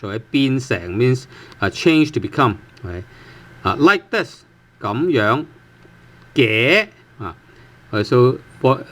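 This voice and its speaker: A man teaching a casual online language lesson, explaining slowly and patiently with many fillers and repeated example words. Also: mid-range voice, a bit bright.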